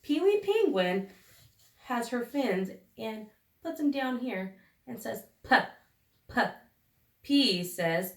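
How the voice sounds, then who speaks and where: A woman teacher leading a phonics lesson for young children, sounding out each letter slowly and deliberately. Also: fairly high pitch, sing-song. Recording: echoey room, recorded from a distance.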